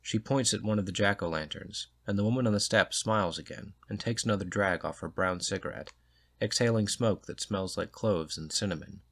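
A man reading a short story aloud in a measured, steady way. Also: fairly low pitch. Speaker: narrator.

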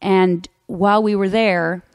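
A woman's voice: medium pitch, unhurried, no room sound, studio quality. A woman guest telling a long story in casual chat, acting out the people in it. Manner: animated, acts out the people in her story.

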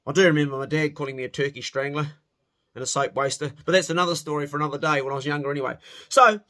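A middle-aged man spins a rowdy yarn from his youth, animated and loose, swearing as he goes and laughing at his own mishaps. His voice sits a little higher than most men's. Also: racing. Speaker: storyteller. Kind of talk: casual spoken storytelling.

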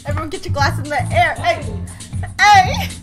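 A young woman reacting excitedly on her channel, gushing, squealing and laughing until she cries. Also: high-pitched, fast talker, music in the background. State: crying and laughing. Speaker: reaction video host.

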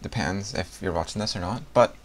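A man's voice: deep voice, fairly quick. A young man from Northern Ireland with a Northern Irish accent, chatting casually and reading a word list aloud for a video. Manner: chatty, laughs between lines, reads words aloud one by one. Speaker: vlogger.

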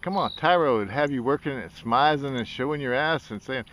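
A man's voice: mid-range voice, animated, measured pace, fairly bright tone, a little hiss or hum. A man filming outdoors by a pond, chatting and coaxing ducks in a playful, teasing way. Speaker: vlogger. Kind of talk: casual talk to animals while filming.

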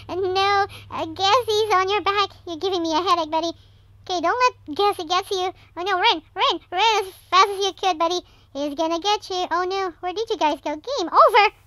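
This is a woman commentating on a game as she plays, in an excitable let's-play style. Her voice sits very high and sounds bright and sharp. She gasps and shrieks often. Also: moderate pace, dry recording, studio quality. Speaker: gameplay commentator.

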